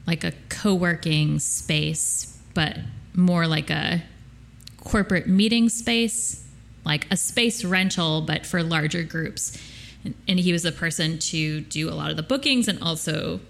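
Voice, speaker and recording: A woman from upstate New York co-hosting a podcast, playful and quick to laugh as she rambles through stories. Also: lowish voice, creaky. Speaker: podcast co-host. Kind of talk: casual chat.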